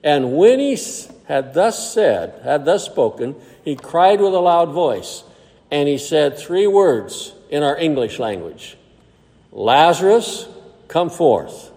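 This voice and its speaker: A man preaches a sermon in a somewhat high but dark, mellow voice. He reads scripture in old-fashioned wording, then explains it plainly and slows down for emphasis. His voice rings out with a long reverb, as in a large hall. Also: very animated.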